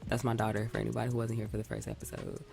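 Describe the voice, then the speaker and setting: A woman's voice: extremely low pitch, monotone, rapid-fire, creaky, a little mellow, soft background music. A woman co-hosting a podcast in casual chat, her voice stuffy and nasal from a cold, rambling with restarts. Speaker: podcast co-host.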